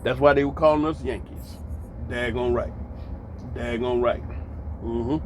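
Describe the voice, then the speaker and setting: A man's voice: mid-range voice, fairly even intonation, a little slow, background noise. An American man hosting a monologue commentary, emphatic and preachy, repeating lines for effect with mocking asides. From United States. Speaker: commentary host.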